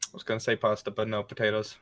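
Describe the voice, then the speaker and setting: A young man co-hosting a casual chat show, answering rapid questions with dry wit and some laughter. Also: fairly low pitch, monotone, fairly bright tone. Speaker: podcast co-host.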